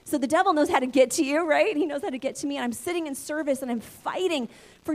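Woman pastor in her thirties, bright high register, animated preacher who acts out her inner voices. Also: quick pace. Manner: lively personal storytelling, acts out her own inner voices. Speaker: pastor and church planter. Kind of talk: sermon storytelling.

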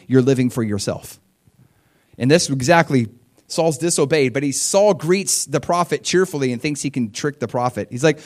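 Animated preaching man in his forties. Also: a little high. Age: 40s. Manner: animated, conversational preaching with sudden loud bursts. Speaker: pastor. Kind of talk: sermon.

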